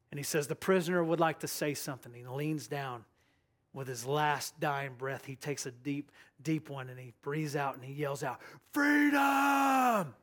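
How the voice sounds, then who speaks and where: A young man preaching a sermon as pastor, passionate and urging, dropping to a hushed voice when he tells a story or prays. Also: mid-range voice.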